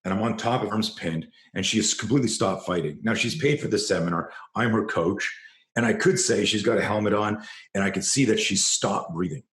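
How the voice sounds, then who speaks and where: Deep-voiced self-defense trainer telling a story. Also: male voice, fairly quick, roomy sound. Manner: animated storyteller, rising in pitch and force when excited. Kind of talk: storytelling in an interview.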